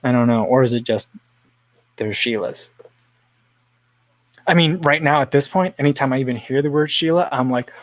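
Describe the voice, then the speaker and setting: A man's voice: mid-range voice, normal speed, pauses often, no room sound. A man hosting a casual livestream, rambling, chuckling often and reading viewer comments aloud. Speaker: livestream host.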